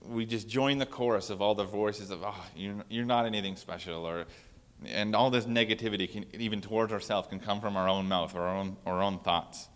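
Male pastor, lowish voice, relaxed sermon delivery with restarts, long hall reverb. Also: a little fast. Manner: conversational, with fillers and restarts. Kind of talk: casual sermon.

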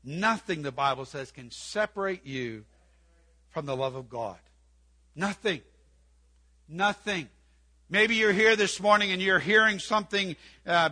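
Bright high-voiced older male preacher. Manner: earnest, repetitive preaching with scripture quotes. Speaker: pastor. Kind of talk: sermon. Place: church.

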